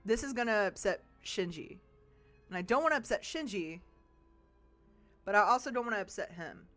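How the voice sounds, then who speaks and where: A woman streamer chats casually over gameplay, thinking aloud and swearing freely. Her mid-range voice is fairly bright, with lively intonation at a moderate pace, and soft music plays behind her.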